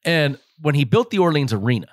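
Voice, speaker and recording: An American man from Las Vegas in his forties, a guest in an interview, telling animated, joking stories and acting out the voices of his family. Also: a little high, brisk, dry recording, studio quality. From Las Vegas, United States. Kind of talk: casual interview storytelling.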